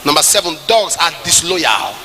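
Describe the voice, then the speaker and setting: A man with a Nigerian English accent preaching a sermon at a church service, moving between quiet asides and shouted, sing-song passages. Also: fairly high pitch, big pitch swings, normal speed, vocal fry, long reverb tail, a little hiss or hum. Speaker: pastor.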